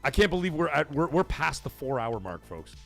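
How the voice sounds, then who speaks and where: A man's voice: a little high, sing-song, a little fast, creaky, fairly bright tone, soft background music. A man hosting a casual livestream from a home game room, rambling, swearing, laughing often and reading chat aloud. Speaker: livestream host.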